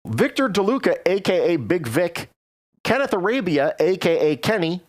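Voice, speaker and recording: A man's voice: high voice, very animated, moderate pace. A man hosting a casual live show, reading news items aloud with playful asides. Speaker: radio and TV show host. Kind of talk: casual live-stream chat.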